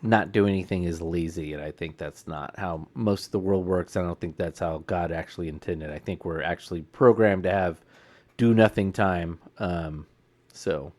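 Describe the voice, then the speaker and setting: Low-voiced podcast co-host, man, easygoing and thoughtful in casual chat. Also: normal speed, darkish tone. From United States.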